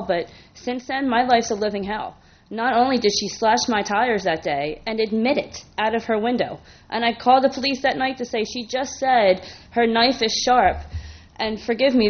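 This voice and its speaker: A woman's voice: fairly high pitch, muffled recording. A woman speaking as a resident at a town council meeting, emotional and indignant, talking in run-on bursts at a podium microphone. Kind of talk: public comment at a council meeting.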